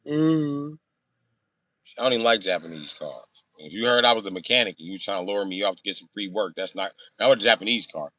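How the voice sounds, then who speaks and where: Young male streamer, brash and crude, lowish voice with a bright, punchy edge. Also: quick pace, few pauses, no echo, clean studio sound. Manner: profane, boastful storytelling; swings between loud outbursts and low mutters. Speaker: livestreamer reading chat. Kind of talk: casual live-stream chat.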